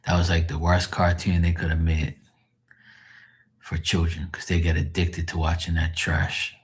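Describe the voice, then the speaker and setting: A man's voice: sits low, monotone, moderate pace, husky. A man chatting casually on a live stream, telling rambling stories with lots of swearing and chuckles. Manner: profane, storytelling, chuckling.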